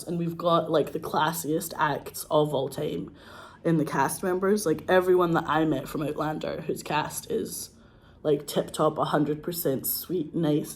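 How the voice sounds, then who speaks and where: A Scottish woman, an actress, talking casually and excitedly, gushing and swearing, with a frog in her throat. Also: sits low. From Scotland. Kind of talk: casual monologue.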